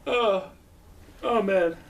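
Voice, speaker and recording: A man doing a rambling casual vlog at home, excitable and profane, laughing often. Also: high-pitched, drawn-out words, creaky, recorded from a distance, a little hiss or hum. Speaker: vlogger.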